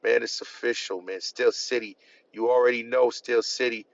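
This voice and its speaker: A man hosting a live stream, calling out viewers' hometowns with casual slang shout-outs. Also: mid-range voice, steady tone, normal speed, gravelly, dry recording. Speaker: host. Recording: lo-fi dull sound.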